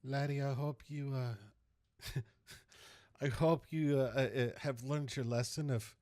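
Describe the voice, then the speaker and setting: A man's voice: medium pitch, a little mellow, no echo, clean studio sound, lightly acted. A man voicing a jolly old temple cleric who laughs through her words and calls people laddie. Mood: solemn.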